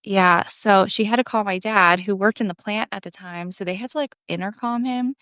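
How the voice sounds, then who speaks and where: A woman co-hosting a podcast, telling a family story in an animated, casual way with lots of fillers. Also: medium pitch, normal speed, smooth, no echo, clean studio sound. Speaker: podcast co-host.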